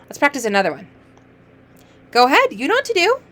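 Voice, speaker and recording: A woman teaching early reading to young children, drawing out letter sounds and cheering each word with playful, sing-song praise. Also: high voice. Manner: encouraging, sing-song, playful praise with gasps and exaggerated excitement; slow, drawn-out letter sounds.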